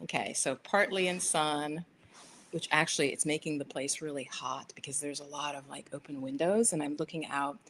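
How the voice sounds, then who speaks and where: A woman's voice: sits low, fairly even intonation, normal speed, fairly bright tone, a little hiss or hum. A middle-aged woman hosting a casual livestream from her sofa, chatty and rambling as she gives tarot readings to viewers. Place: living room sofa by big windows.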